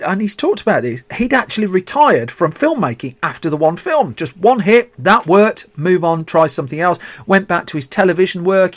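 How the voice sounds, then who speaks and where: A man's voice: sits high, no room sound. A man with a Birmingham accent hosting a film podcast, telling a film's backstory in a chatty way with asides and restarts. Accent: Birmingham English. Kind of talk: solo podcast storytelling.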